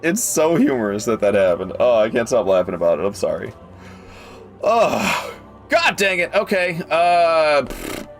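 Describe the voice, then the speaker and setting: Excitable man streaming a game. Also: mid-range voice, measured pace, soft background music. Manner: excitable, swears casually, talks to chat. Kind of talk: casual live gameplay commentary.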